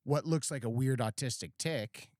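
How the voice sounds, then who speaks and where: A man co-hosting a podcast in casual chat, easygoing and quick to laugh along. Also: medium pitch, darkish tone, no room sound, clean studio sound. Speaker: podcast co-host. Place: podcast studio.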